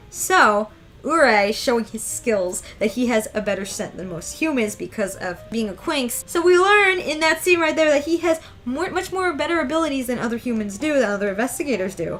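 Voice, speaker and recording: A woman giving an excitable, emphatic, slangy casual breakdown of a manga chapter as a reviewer. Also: a little high, normal speed, faint music behind.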